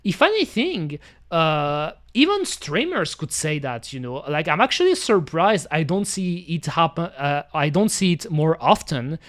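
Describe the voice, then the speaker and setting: Male streamer, casual reaction chat, meandering and full of restarts, voice a touch high. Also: big pitch swings, a little slow, a bit bright. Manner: rambling, many fillers and restarts, non-native grammar slips.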